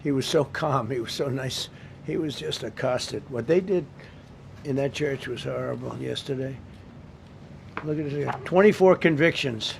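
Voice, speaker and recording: A man's voice: mid-range voice, normal speed, creaky, a little hiss or hum. A man speaking off the cuff at a press briefing, rambling, repetitive and emphatic.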